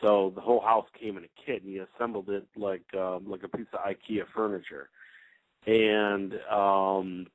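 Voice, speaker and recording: Low-voiced man telling a rambling story. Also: level tone, normal speed, no room sound, low-quality recording. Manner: rambling, with many fillers and restarts. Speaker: paranormal investigator on a talk show. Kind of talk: casual anecdote telling.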